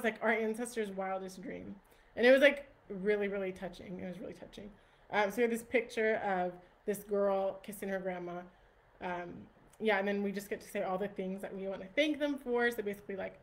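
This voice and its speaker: A woman hosting a casual live stream on her phone, chatting with a steady stream of "like" and "um" and greeting viewers by name. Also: mid-range voice.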